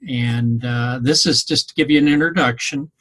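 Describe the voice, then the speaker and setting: A man from Missouri, USA, teaches his students through a rambling, conversational talk that's informally recorded and sprinkled with ums. His mid-range voice is a bit bright, with a steady tone and moderate pace.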